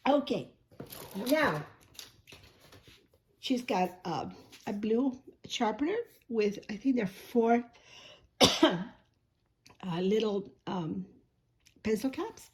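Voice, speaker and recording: A woman vlogger, hoarse and coughing, chatting casually as she unboxes and packs a gift box, often rambling and correcting herself. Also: mid-range voice, slow pace, pauses often. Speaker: shoebox-packing vlogger.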